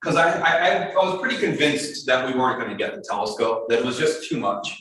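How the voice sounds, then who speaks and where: A man tells stories at a lively, quick pace while speaking to an astronomy club in a community hall, doing other people's lines in a higher-pitched voice. The hall is very echoey and he stands far from the microphone.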